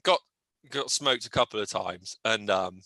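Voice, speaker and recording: A man's voice: lowish voice, unhurried, bright, forceful tone, no room sound. A man, a podcast guest who coaches and commentates on MMA, telling stories animatedly and laughing often. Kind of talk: casual storytelling.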